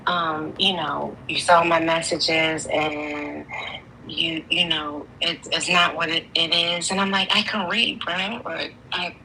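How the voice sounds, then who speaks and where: A woman's voice: deep voice, vocal fry, slight background noise, low-quality recording. A woman of forty with a Philadelphia accent, telling her story to a live show and acting out the others in it. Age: 40s. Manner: animated, acts out voices of others in her story. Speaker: caller. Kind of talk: casual storytelling on a live call.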